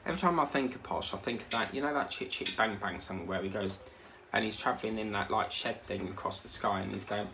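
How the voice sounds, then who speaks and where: A man's voice: lowish voice, fast talker, hardly any pauses, bright, forceful tone, slight background noise. Rambling chatty man. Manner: rambling, chatty, easily sidetracked. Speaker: crafting vlogger. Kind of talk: casual chat while crafting.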